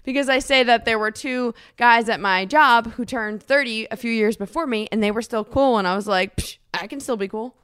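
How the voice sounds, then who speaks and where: A woman's voice: fairly high pitch, moderate pace, few pauses, a bit bright, clean tone, dry recording, clean studio sound. A woman in her thirties co-hosting a podcast, chatting casually, teasing and laughing often, speaking into a handheld mic as she paces an apartment. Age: 30s. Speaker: radio morning show co-host. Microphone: handheld mic while pacing a room.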